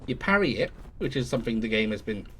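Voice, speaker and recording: A man's voice: medium pitch, big pitch swings, quick pace, fairly bright tone, slight background noise. A man streaming a game live, thinking aloud in a rambling way and swearing casually as he plays. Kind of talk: live gameplay commentary.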